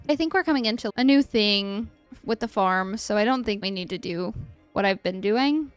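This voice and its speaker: A young woman with a fairly high voice chats through a gameplay session, amused and talkative, addressing the characters on screen. The sound is dry and close, with faint music underneath. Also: a bit bright, no echo. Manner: chatty, amused, talks to the game characters. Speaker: let's-play host. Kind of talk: casual gameplay commentary.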